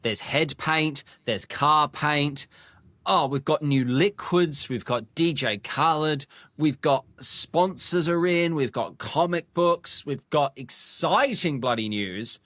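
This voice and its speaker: Bright excitable male co-host, dry sound. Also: fairly high pitch, takes it slowly, no echo. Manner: excitable, jokey, lively banter. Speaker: podcast co-host. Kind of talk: casual chat.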